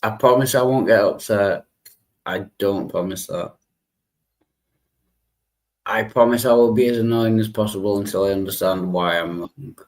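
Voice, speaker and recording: A man's voice: fairly low pitch, moderate pace, long pauses. A man hosting a livestream chat, laid-back and chuckling often. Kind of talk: casual chat.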